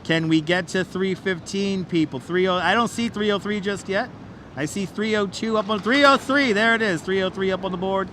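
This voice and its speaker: This livestream host offers live walking-tour commentary while crossing a city bridge, chatting with viewers and auctioneering the like count in a playful, repetitive way. The voice is high, bright and forceful, delivered at a moderate pace with fairly even intonation. Recording is outdoors on a wireless clip-on mic, with faint traffic in the background.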